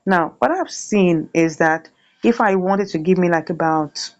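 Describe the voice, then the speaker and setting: A woman's voice: on the low side, unhurried, a little mellow, highs cut off. A woman hosting a chatty screen-share tutorial, often checking in with "right?". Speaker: YouTube tutorial host.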